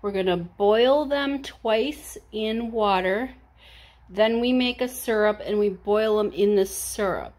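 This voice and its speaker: Slow, chatty woman vlogging in her kitchen. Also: mid-range voice, darkish tone. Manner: chatty, slow and unhurried, with fillers and asides. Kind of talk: casual home vlog narration. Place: home kitchen.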